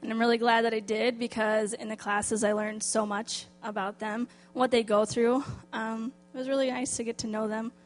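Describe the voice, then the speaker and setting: A woman's voice: a little high, little pitch movement, moderate pace, few pauses, soft background music. A woman sharing a church testimony about volunteering, speaking with frequent hesitant fillers. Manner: warm, hesitant, with many fillers. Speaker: driver and program volunteer.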